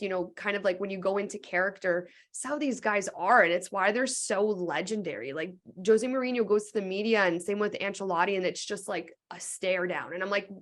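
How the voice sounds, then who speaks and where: A woman's voice: medium pitch, fairly bright tone. Upbeat woman hosting a podcast. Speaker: podcast host. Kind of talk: casual chat.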